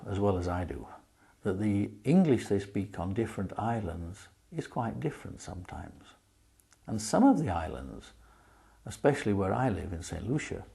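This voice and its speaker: A man's voice: fairly low pitch, vocal fry, dark tone, slightly rough. A man teaching a spelling lesson, patiently sounding out syllables and words. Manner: patient, drawn-out sound demonstrations.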